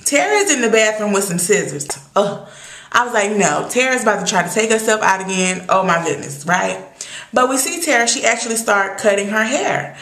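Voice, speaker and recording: A woman's voice: medium pitch, lively intonation, a little fast, a bit bright. A young woman recapping a TV episode in casual, sassy, opinionated talk full of exclamations. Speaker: TV recap vlogger. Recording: echoey room.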